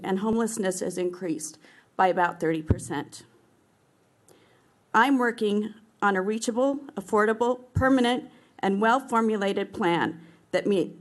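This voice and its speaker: A woman's voice: medium pitch, measured pace. Firm woman reading a public comment. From Anaheim, California.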